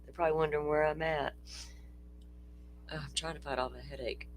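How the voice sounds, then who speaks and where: A tired, chatty livestream host drifts from thought to thought, laughing often and cursing casually. The voice sits at an everyday middle pitch. A faint hum lies under the recording. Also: fairly even intonation, fairly quick. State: tired, yawning. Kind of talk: casual true-crime livestream chat.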